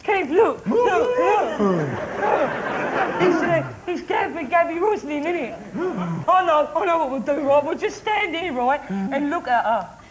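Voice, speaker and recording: A starstruck man shrieking excitedly, from a noisy TV broadcast tape. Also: very high voice, unhurried. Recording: noisy TV tape with loud crowd.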